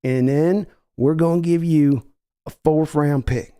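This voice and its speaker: A man's voice: fairly high pitch, fairly even intonation, measured pace, mellow, clean tone, natural voice. A man doing an impression of a brash, pushy older Texan football team owner, with a put-on Texan drawl in a comedy skit. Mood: pushy, folksy. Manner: folksy, wheedling, bossy drawl.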